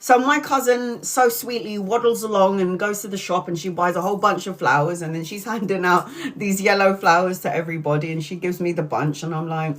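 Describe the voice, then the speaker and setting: A woman's voice: on the low side, steady tone, a little fast, few pauses. Middle-aged woman streamer: loose, profane, laughing storyteller. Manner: swears constantly and laughs through the story. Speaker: tarot reader streamer. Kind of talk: casual live-stream storytelling.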